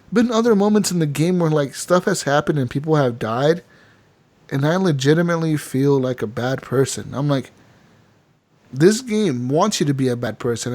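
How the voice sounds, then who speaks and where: A man co-hosting a gaming podcast rambles through game stories in casual chat, saying "like" and "dude" a lot. His voice is on the high side with a darkish tone.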